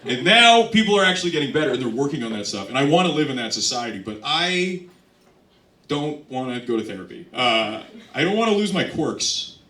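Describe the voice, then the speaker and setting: A man's voice: a little high, sing-song, a little fast, sharp tone. A young man performing a self-deprecating stand-up set, rambling with restarts, with audience laughter behind him. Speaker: stand-up comedian. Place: comedy club stage. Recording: roomy club sound from a distance.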